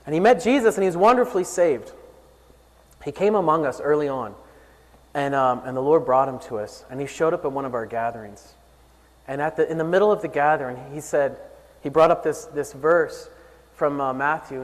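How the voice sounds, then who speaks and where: Earnest man preaching in a reverberant hall. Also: moderate pace. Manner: earnest, storytelling, rises and falls in pitch and volume. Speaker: pastor. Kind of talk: sermon.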